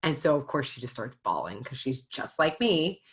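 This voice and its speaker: A woman in her thirties, a mother of young children, chatting casually and telling a family story in an animated, self-mocking way. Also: rumbling low, normal speed. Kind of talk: casual chat.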